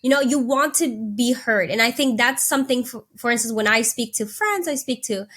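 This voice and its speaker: A woman's voice: on the high side, fairly quick, fairly bright tone. A woman hosting a podcast, talking conversationally and setting up questions for her guest, checking in with "right?". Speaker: podcast host. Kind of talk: casual interview talk.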